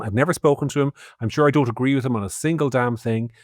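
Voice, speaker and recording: Co-hosting a podcast, this Irish man offers sardonic, opinionated political commentary laced with swearing, shifting between loud and soft. He talks fast with few pauses in a medium-pitched voice, captured in a dry, studio-quality recording.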